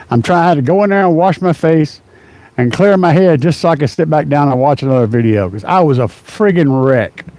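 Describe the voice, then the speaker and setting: Middle-aged male streamer, loose chatty rambler, slightly high pitch. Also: a little mellow, no echo. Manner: rambling, rough-edged, laughs a lot, lots of fillers. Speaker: car audio livestream host. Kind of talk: casual live-stream chat.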